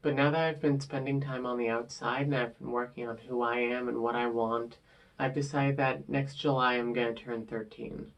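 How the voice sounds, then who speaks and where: A man in his twenties talking earnestly in a casual personal vlog, soft-spoken, with frequent filler words. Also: medium pitch, little pitch movement, moderate pace, lo-fi sound. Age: 20s. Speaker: vlogger.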